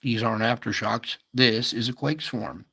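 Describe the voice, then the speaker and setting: A man's voice: medium pitch, fairly even intonation, moderate pace, bright, forceful tone, slightly rough. A man hosting a casual earthquake update, thinking aloud over maps with many fillers and asides. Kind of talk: casual screen-share commentary.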